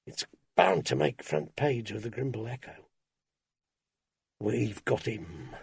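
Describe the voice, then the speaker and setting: A man voicing a crude, gloating middle-aged client, speaking low and slow. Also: big pitch swings, gravelly, slightly rough, no room sound, studio quality, heavily acted.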